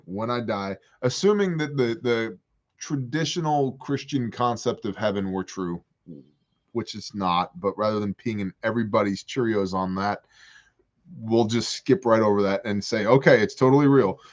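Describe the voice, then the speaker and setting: Guy doing a porch livestream q&a, joky and animated, average pitch, kinda dull lo-fi sound. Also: normal speed. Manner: joking, animated, reads chat aloud. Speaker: livestream host answering viewer questions. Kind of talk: casual livestream chat reading comments. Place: outdoors on a porch.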